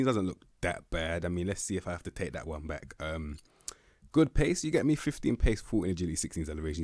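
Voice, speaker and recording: A young man giving casual, blunt commentary on a football management game, slangy and swearing, with sudden loud bursts of emphasis. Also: sits low, dry recording, clean studio sound. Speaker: gaming YouTuber.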